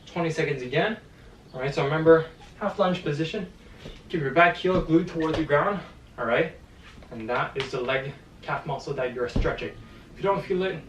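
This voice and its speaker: A man's voice: on the high side, slight background noise. A male boxing fitness coach leading a home stretching workout, counting holds aloud with encouraging cues and sounding a little out of breath. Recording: echoey room, mic at a distance.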